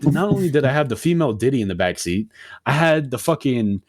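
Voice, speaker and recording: A man in his twenties on a podcast, telling a story in an animated, profane rant and acting out what people said. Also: mid-range voice, fast talker. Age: 20s. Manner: animated, profane ranting with acted-out quotes. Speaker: podcast co-host. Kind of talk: casual storytelling chat.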